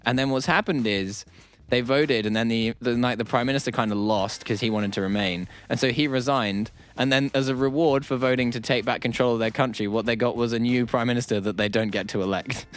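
A man's voice: medium pitch, steady tone, brisk. A man chatting casually, wry and rambling, with lots of fillers. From England. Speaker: comedian in a panel chat. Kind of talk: casual comedic chat.

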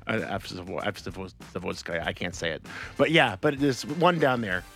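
A man's voice: low voice, big pitch swings, slow pace, creaky, fairly bright tone, faint music behind. A married man co-hosting a radio show, telling stories in an easygoing way and laughing often. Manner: chuckling, easygoing storyteller. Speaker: radio co-host. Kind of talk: casual radio banter.

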